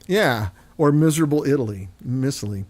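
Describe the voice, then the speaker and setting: This is a chatty American man from Missouri, talking with a Missouri accent. He hosts a relaxed chat and spins long anecdotes, slipping into other people's voices along the way. His pitch sits at an ordinary middle level for a man. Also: fairly quick. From Missouri, United States. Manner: chatty storyteller, acts out voices. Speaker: host. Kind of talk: casual chat.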